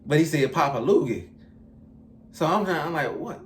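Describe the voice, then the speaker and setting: A man recounting his time in prison in a relaxed, rambling, slang-heavy way, as the guest of an interview. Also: a little high, normal speed. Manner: laid-back, rambling, slangy storyteller. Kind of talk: casual storytelling interview. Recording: echoey room with faint ambient noise.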